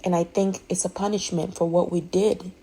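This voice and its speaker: Woman with a gravelly, husky, warm voice; candid and emphatic, rambling with restarts. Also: on the low side, little pitch movement, normal speed, poor audio. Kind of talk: candid personal monologue.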